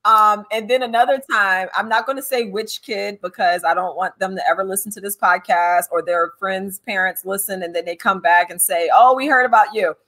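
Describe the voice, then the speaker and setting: A woman hosting a podcast, telling funny parenting stories in a casual, animated way and acting out quotes. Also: mid-range voice, moderate pace, few pauses. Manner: animated, laughing, acts out quotes. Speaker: podcast host and author. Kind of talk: casual chat, storytelling.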